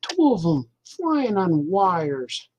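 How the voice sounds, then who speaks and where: A man's voice: high voice, sing-song, drawn-out words, a little hiss or hum. A middle-aged man hosting a casual show as a cartoonist, rambling and joking loosely, half talking to himself while he draws. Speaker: cartoonist and podcast host.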